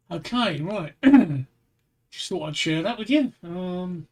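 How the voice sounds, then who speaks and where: Male streamer, high-pitched and halting, telling jokes at home. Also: lively intonation, a little mellow, husky, a faint crowd. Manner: hesitant, stammers and repeats words. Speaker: host. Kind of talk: casual livestream chat telling jokes.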